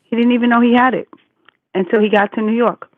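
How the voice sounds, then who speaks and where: A woman's voice: fairly high pitch, fairly even intonation, fast talker, dry recording. A woman in her forties calling in, talking emphatically and reassuringly, repeating herself for stress. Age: 40s. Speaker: caller. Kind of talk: casual consoling chat. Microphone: phone call. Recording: phone line.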